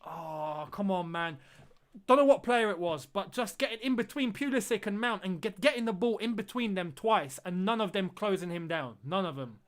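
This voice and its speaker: A man's voice: high-pitched, normal speed. A man streaming a football watch-along, reacting live to the match and repeating phrases as he groans and exclaims at the play.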